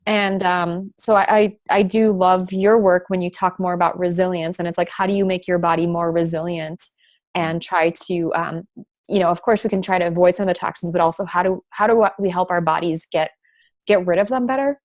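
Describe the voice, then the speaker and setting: Her voice sits on the low side, with fairly even intonation and a slightly fast pace. A thyroid specialist pharmacist guesting on a podcast, she explains thoughtfully amid frequent fillers and restarts, sometimes with light sarcasm.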